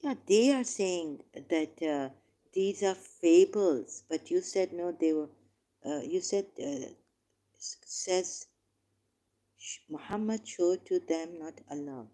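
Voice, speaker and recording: Low, slow-spoken woman correcting insistently. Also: expressive, dark tone. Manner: insistent, repeatedly correcting, reads verses aloud. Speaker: debate participant. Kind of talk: heated religious debate.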